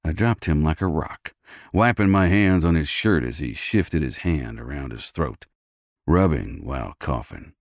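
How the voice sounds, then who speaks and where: Low gritty guy reading a romance audiobook, lots of swing in his voice. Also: dry recording, clean studio sound. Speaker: audiobook narrator. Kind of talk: first-person romance narration.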